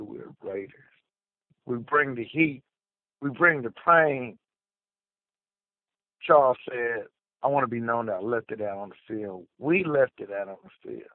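A man's voice: medium pitch, dry recording. A man calling in to a fan radio show, passionate and profane, repeating his lines like chants. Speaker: caller. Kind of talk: fired-up fan call-in. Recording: tinny phone line.

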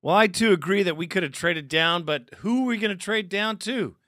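Bright, lively man hosting a fan call-in. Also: sits high, a little fast, no room sound, clean studio sound. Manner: animated, slangy, laughs often. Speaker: fan radio show host. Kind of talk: casual fan call-in chat.

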